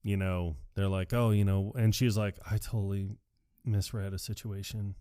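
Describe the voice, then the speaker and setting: Slightly low-voiced and recorded up close with no echo, a man co-hosting a podcast chats casually through a film's scenes. He tells it with animated energy, popping into quick impressions of each character as the story unfolds.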